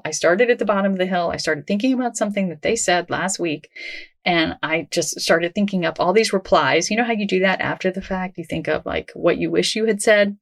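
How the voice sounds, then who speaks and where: Gentle, reassuring woman podcast host. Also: lowish voice, creaky. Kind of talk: self-help podcast monologue.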